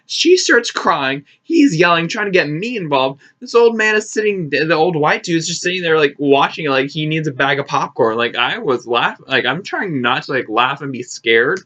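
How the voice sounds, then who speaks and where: A young man telling a story in casual vlog style, animated and sarcastic, swearing freely and jumping into high mocking voices for quotes. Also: normal speed. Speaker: vlogger. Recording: slightly dull lo-fi audio.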